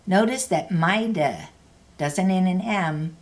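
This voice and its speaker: Slow, low-voiced woman teaching a lesson. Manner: slow, careful explaining. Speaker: language teacher. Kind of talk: scripted lesson narration.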